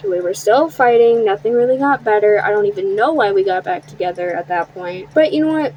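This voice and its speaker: A woman's voice: mid-range voice, a little mellow, slight background noise, rough recording. A young woman telling a personal storytime in a casual, blunt way, swearing freely and acting out what others said. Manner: blunt and profane, quotes others in quick asides. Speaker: storytime vlogger.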